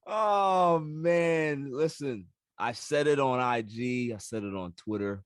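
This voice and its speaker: A man from New York hosting a podcast, lively and teasing as he questions his guest. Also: mid-range voice, takes it slowly, few pauses, no room sound, studio quality. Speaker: podcast host.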